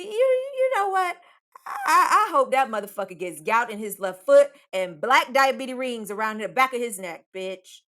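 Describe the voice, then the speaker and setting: A woman telling a comic first-person story on her podcast, emphatic and profane, talking straight to her listeners. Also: medium pitch. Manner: animated, emphatic, profane, addresses listeners as "y'all".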